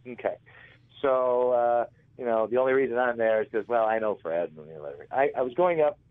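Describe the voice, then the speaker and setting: A man's voice: mid-range voice, brisk, no echo. A man interviewed as an author, telling rambling anecdotes and often correcting himself mid-sentence. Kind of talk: casual storytelling. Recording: tinny phone line, dry.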